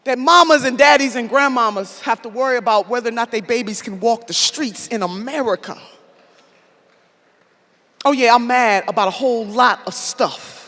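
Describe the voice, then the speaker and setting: A woman giving a fiery political rally speech in a large hall, with a preacher-like cadence, repetition and loud shouted build-ups. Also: on the high side, normal speed. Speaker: rally speaker. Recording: long hall reverb, faint crowd.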